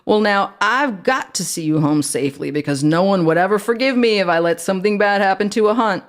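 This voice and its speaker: A woman's voice: medium pitch, lively intonation, fairly quick, voice pushed up, natural voice. Courteous young patrolman, folksy and long-winded, read by a woman. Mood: nostalgic. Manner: polite, folksy, rambling. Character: young police officer, friendly and chatty.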